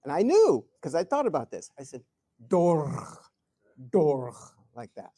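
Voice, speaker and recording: Older man, live Q&A guest, raised pitch, dry miked voice, lively storyteller, chuckles often. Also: fairly quick, breathy edge, no echo. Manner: animated, chuckling storyteller with frequent restarts. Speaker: guest speaker answering audience questions. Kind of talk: live Q&A anecdote telling. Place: event hall before an audience.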